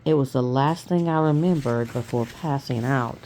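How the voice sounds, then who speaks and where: A woman with a very low voice reads a novel aloud in a dark room at home. She stumbles and corrects herself often. She keeps the characters' voices close to her own. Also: moderate pace, slight background noise. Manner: unpolished reading with restarts and self-corrections; low-key, mostly plain voice for the characters. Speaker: reader of a novel. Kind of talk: reading a book aloud at home.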